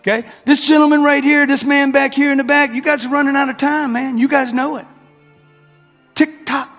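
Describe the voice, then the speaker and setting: A man in his 60s fires off a brash motivational talk, very high-pitched, fast and fairly bright with fairly even intonation. Preachy and full of slang, he calls out to the live audience in a large hall, the sound echoing over underlying music.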